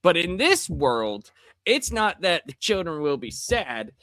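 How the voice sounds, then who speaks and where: Bright, forceful voice, man, podcast host, casual review chat, animated, exclaiming in disgust, dry sound with no room echo. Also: a little high, takes it slowly.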